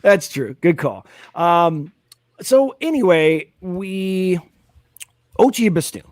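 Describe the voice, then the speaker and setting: A fairly high-voiced man hosts a casual live reaction chat, rambling eagerly with many fillers and restarts. His voice sounds dry and close to the mic, with no room around it. He comes across as an excited fan talking it through with friends. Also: takes it slowly, dry recording. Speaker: host.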